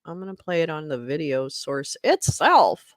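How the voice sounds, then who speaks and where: A woman's voice: deep voice, sing-song, normal speed, dry recording, studio quality. A woman hosting a casual livestream, chatting in a scattered way and swearing and laughing as she fumbles with her setup. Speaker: livestream host.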